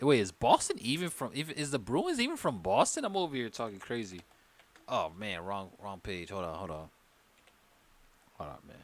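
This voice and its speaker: A man chatting loosely and joking with his viewers on a livestream, a little tipsy from wine. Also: medium pitch. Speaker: livestream host. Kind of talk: casual live-stream chat.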